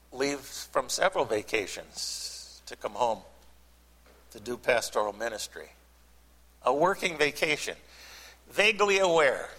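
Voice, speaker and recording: Folksy pastor preaching in a church; bright, raised voice with a lingering hall reverb. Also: male voice, medium pitch. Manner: folksy, joking, with long pauses. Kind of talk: sermon. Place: church sanctuary.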